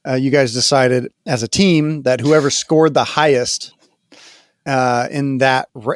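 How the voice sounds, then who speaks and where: A man's voice: mid-range voice, dry recording. Podcast guy chatting about tournaments, laughy and rambly, dry close mic. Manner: animated storyteller, lots of fillers and laughs. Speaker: podcast co-host. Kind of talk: casual chat.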